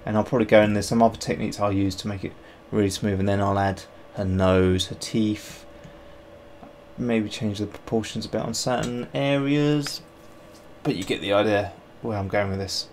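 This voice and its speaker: A man's voice: lowish voice, steady tone, normal speed, darkish tone, a little hiss or hum. A man on a livestream, rambling and thinking aloud as he sculpts, joking at himself and greeting viewers. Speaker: sculptor streaming his work. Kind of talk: casual livestream chat while working.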